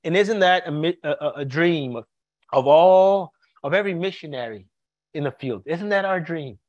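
A man preaching a sermon to his congregation, earnest and halting, often repeating words as he searches for them. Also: fairly high pitch, no echo, dull audio. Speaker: pastor.

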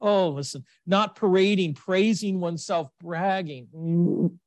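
Animated pastor, lively sermon storytelling. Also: male voice, a little slow, dry recording. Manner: animated storytelling, jumps to high excited pitch.

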